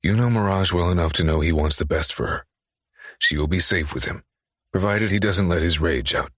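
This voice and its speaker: A man voicing a cunning, possessive young man with quiet dark menace, speaking slowly and in a controlled way for an audiobook. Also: low-pitched, no room sound, studio quality. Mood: calm. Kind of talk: audiobook character reading.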